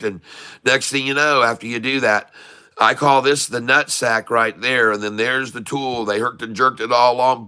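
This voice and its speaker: A man's voice: mid-range voice, fairly even intonation, moderate pace, pushed and bright, clean tone. A middle-aged man from Florida giving folksy, showman-like live market commentary and greeting viewers by name. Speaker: day-trading streamer.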